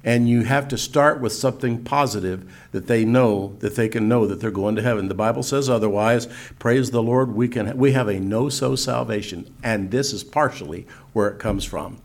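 Older preacher with a gravelly voice. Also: male voice, medium pitch. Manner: reads scripture slowly and solemnly, folksy asides. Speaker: preacher teaching evangelism. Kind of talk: sermon-style teaching.

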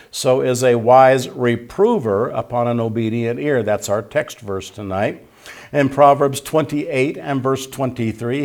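A pastor preaching an evening sermon to his church, teaching slowly and repeating key points as he reads scripture aloud. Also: mid-range voice, a little mellow.

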